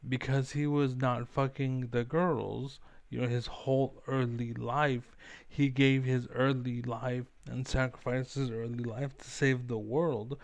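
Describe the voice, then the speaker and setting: A young man with a gravelly, fry-edged voice rants in circles. He swears constantly, repeats his points and never doubts himself. The sound is close and dry, with no room around it. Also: mid-range voice, little pitch movement, a little slow, no room sound. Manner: swearing, repetitive, self-assured. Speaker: streamer. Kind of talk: rambling profane rant.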